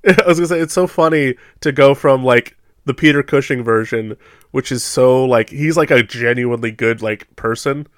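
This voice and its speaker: American man, chatty film talk, laughs a lot, mid pitch, dry mic. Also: normal speed, dry recording. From United States. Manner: animated, laughing often, acting out quotes in funny voices. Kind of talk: casual chat.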